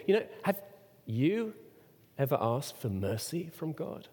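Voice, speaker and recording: Preacher with a lively, ringing voice in a hall. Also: male voice, a little high, unhurried, breathy edge. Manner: expressive preaching, rhetorical questions, sudden shouts. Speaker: pastor. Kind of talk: sermon. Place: church. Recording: long reverb of a church hall.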